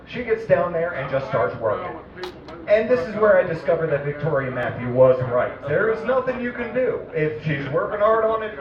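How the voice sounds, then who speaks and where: A man telling a story in a stand-up comedy set at an open mic, halting and rambling with many fillers. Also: on the high side. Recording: echoey room from far off, muffled. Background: audience laughter.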